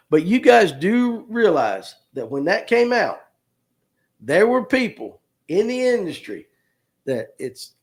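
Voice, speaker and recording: A man hosting a casual fishing livestream, joking with viewers and reading comments aloud. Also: on the high side. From North Georgia, US. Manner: folksy, joking, talks to viewers by name. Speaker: host of a fishing livestream show.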